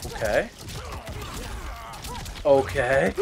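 A man's voice: mid-range voice, unhurried, pauses often. A man live-streaming a fighting game, talking to his chat in casual slang, cursing and calling people bro. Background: game music.

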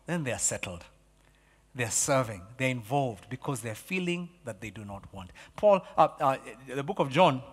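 A man preaching a sermon as pastor, animated, repeating key phrases and swinging from loud exclamations to hushed lines. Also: a little high, slightly rough, big-room sound. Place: church hall.

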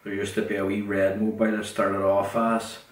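A middle-aged man with a Northern Irish, Derry accent tells a long, rambling story. His voice is low and flat, and he swears bluntly and repeats himself. He sits back from the mic in a roomy, echoing room with faint noise. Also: fairly quick, far from the mic. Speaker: podcast host.

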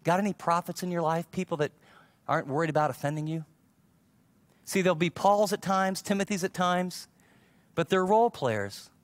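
A middle-aged man preaching and spinning personal stories, voicing the people in them as he goes. His voice sits a touch high for a man. The sound is dry and close, with little room in it. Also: normal speed, long pauses, no echo. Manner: animated storyteller acting out quoted dialogue. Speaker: pastor. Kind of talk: sermon storytelling.

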